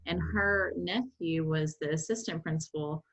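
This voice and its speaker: A woman's voice: deep voice, fairly even intonation, a little slow. A middle-aged woman, co-hosting a podcast and telling rambling stories in casual chat. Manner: rambling, conversational with many asides. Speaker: podcast co-host. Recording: dull, slightly muffled sound.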